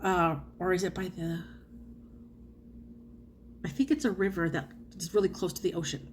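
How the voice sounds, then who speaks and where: A woman's voice: lowish voice, steady tone, moderate pace, slight background noise. A woman from the United States chatting casually about her reading as a book vlogger, correcting herself often and laughing easily. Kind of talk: casual chat.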